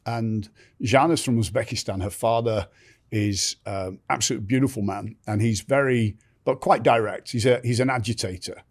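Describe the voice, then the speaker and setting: A middle-aged man appears as a podcast guest, telling stories in conversation and acting out other people's lines. He speaks on the low side at a moderate pace.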